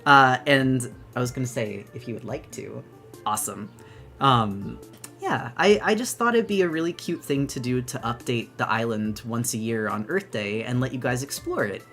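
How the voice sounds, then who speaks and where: Brief: young woman streamer, bubbly and gushing, lively up-and-down pitch, faint music underneath. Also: moderate pace. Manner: bubbly, gushing, rambling with restarts. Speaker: VTuber streamer. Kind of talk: excited casual live-stream chat.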